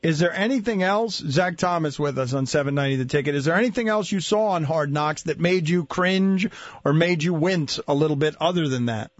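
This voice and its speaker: A man's voice: fairly high pitch, lively intonation, brisk, no echo. A man hosting a sports talk radio interview, teasing his guest and laughing often. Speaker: radio host. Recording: dull lo-fi radio audio.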